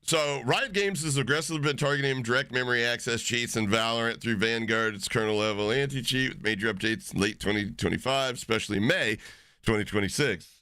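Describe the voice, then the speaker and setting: A man streaming live, chatting casually with his viewers, swearing freely and getting excited as he reacts to chat. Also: medium pitch, a little fast, smooth, dry recording.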